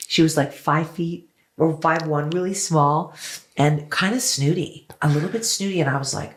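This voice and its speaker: A woman in her fifties from the United States, a singer chatting as an interview guest, telling lively stories and swearing freely. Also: low voice, moderate pace. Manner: animated storyteller, acts out quotes, swears freely. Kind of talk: casual chat.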